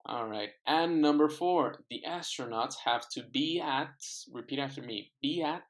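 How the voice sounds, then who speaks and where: A man teaches an online English class, patiently repeating words and phrases for his students to echo back. His voice is medium-pitched and unhurried.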